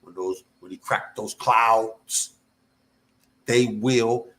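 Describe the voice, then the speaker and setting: A man preaching a sermon, fervent and repetitive, breaking into sudden high whoops. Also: fairly even intonation, a bit bright. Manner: slow and drawn out.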